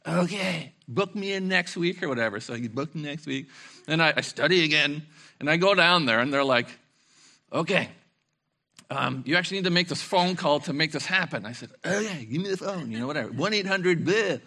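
Man, pastor, sermon, animated storytelling, bright tone, slightly high pitch. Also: fairly quick. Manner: animated storytelling with acted-out voices and laughter.

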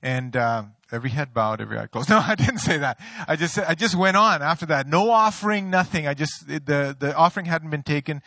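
Guy preaching, bright voice, kinda high, cracks himself up telling stories. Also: fairly quick, hardly any pauses, no room sound. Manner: animated storyteller, self-mocking jokes, laughs often. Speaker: pastor. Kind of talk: sermon with storytelling. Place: church sanctuary.

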